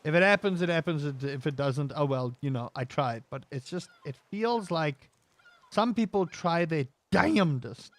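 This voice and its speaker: A man streaming a game while he rants, throwing out rhetorical questions and pushing his voice up high when he gets worked up. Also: animated, moderate pace. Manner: ranting, piles up rhetorical questions. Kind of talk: casual rant while gaming.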